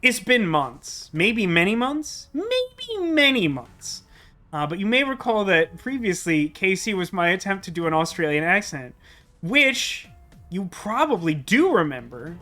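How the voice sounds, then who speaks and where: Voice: medium pitch, sharp tone. Streamer, casual let's-play chatter, fillers, self-deprecating, faint background music. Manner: rambling, self-deprecating, lots of "like".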